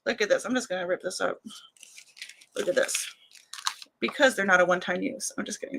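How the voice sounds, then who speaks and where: A woman's voice: on the high side, animated, brisk, bright, forceful tone, slight background noise, poor audio. A young woman hosting a casual craft livestream, chatty and giggly, jumping from topic to topic. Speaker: craft channel host.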